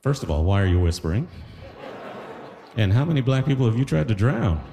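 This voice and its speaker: A man performing a chatty, animated stand-up comedy set in front of a live audience. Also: medium pitch, a little fast, creaky. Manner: animated, chatty, frequent "you know what I mean". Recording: live hall with long reverb.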